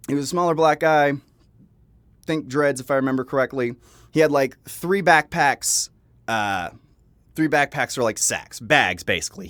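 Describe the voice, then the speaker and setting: A man's voice: medium pitch, fairly bright tone, no echo. A young man telling a personal story in a casual vlog, rambling with frequent laughs and restarts, swearing now and then. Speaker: vlogger. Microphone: home microphone.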